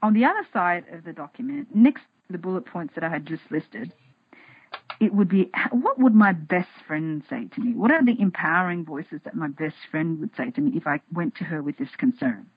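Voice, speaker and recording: Husky woman, dry lo-fi sound. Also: brisk, dry recording. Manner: animated, acts out her inner voices in a higher tone; restarts and repeats words. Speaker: podcast guest, author. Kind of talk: casual interview talk.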